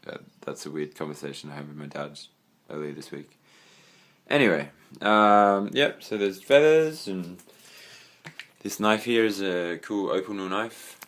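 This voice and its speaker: Casual room-tour vlogger: young Australian guy, deep voice, meandering and sweary. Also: fairly bright tone. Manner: rambling, swears casually, trails off with fillers. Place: own bedroom.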